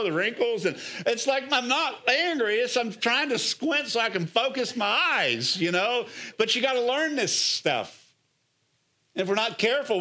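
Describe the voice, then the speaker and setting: A middle-aged male pastor with a high, bright, forceful voice preaches energetically. He coaxes his listeners with rhetorical questions and repeated calls of "come on.". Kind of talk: sermon.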